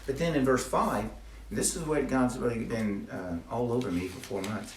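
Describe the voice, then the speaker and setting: A man's voice: medium pitch, normal speed, echoey room, recorded from a distance, slight background noise. An older man giving a testimony talk to a small group, earnest and preacherly, repeating his key phrases. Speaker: ministry speaker.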